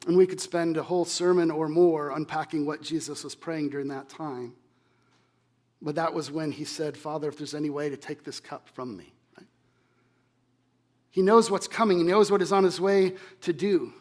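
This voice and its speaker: Male pastor, slightly high voice, preaches with big swings between loud emphasis and quiet. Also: moderate pace. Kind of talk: sermon.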